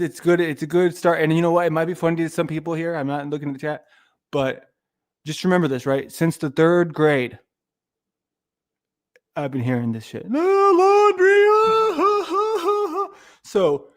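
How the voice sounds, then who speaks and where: A man hosting a livestream rambles through casual commentary in a rather high, steady voice at normal speed, swearing a lot, restarting and losing his thread. The recording is dry, with clean studio sound.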